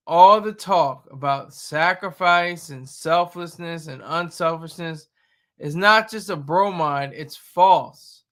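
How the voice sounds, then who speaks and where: A man's voice: a little high, bright, forceful tone. A man in his thirties hosting a casual live stream, talking in a blunt, rambling and opinionated way. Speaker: streamer host.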